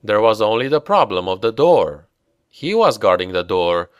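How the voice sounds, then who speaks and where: A man reading a novel aloud as an audiobook narrator, measured and deliberate. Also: lowish voice, big pitch swings, smooth, dry recording, studio quality. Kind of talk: scripted narration.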